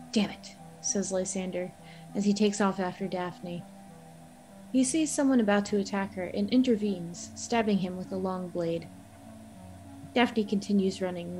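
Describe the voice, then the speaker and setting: Woman player, steady story recap of a tabletop game, music underneath. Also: mid-range voice, poor audio. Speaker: player recapping the last episode.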